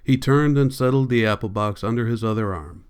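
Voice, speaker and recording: A man reading a novel aloud as an audiobook narrator, in a plain, unhurried manner, lightly voicing the characters' lines. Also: mid-range voice, clean tone. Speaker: audiobook reader.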